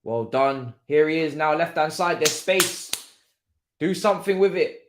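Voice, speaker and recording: A young man doing live football watchalong commentary, chatty and slangy, shouting at the players. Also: fairly high pitch, unhurried, noisy background. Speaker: watchalong streamer.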